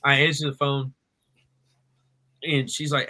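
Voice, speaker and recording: A young man, co-hosting a podcast and telling a story in a lively, animated way. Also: mid-range voice, normal speed, pauses often, low-quality recording. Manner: animated storyteller, acts out quoted voices. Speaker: podcast co-host. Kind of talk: casual storytelling chat.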